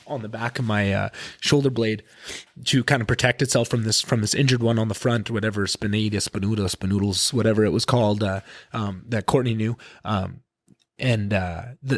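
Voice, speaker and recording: Candid rambling man, low dry voice. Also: no echo. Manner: rambling, candid, swears casually, many fillers and restarts. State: tearful, emotional. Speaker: podcast host. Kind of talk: solo podcast monologue.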